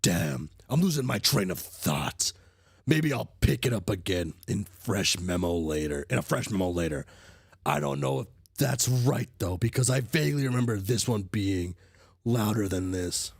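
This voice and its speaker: A man's voice: fairly low pitch, animated, normal speed, vocal fry, husky, no room sound, studio quality. A sick man chatting casually while streaming, rambling with restarts and casual swearing. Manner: rambling, full of restarts and fillers. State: sick, coughing. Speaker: streamer reading a webcomic. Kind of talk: casual livestream chat.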